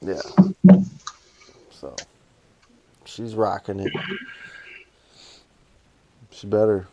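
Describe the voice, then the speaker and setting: A man's voice: fairly low pitch, extremely slow, background noise. A man co-hosting a podcast, talking in a laid-back casual way with easy swearing. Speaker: podcast co-host. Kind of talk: casual chat.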